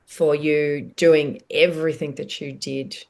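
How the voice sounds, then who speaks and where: Gentle podcast host with a gravelly voice. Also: female voice, deep voice, little pitch movement, unhurried. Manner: gentle, empathetic interviewer. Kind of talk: conversational interview.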